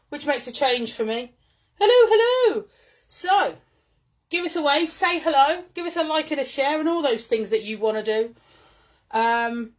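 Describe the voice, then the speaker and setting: Bubbly high-voiced woman hosting a craft live. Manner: bubbly, greets viewers by name. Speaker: craft presenter. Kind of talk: chatty live-stream craft demo. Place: at home with her dogs. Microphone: phone.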